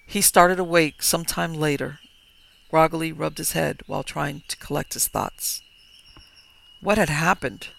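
A man reading a horror story aloud in a slow, dramatic way. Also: on the high side, creaky, a bit bright. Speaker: narrator.

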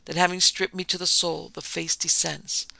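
A man reading aloud, voicing a frightened young woman who pleads in a hushed, half-whispered way. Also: on the high side, little pitch movement, moderate pace, vocal fry, no echo, heavily acted. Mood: terrified.

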